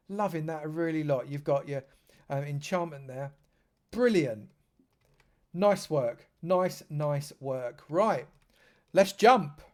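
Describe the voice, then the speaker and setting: A man's voice: fairly high pitch, a little mellow. A man from London, giving chatty live commentary on a game stream and joking with dry sarcasm. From London, England.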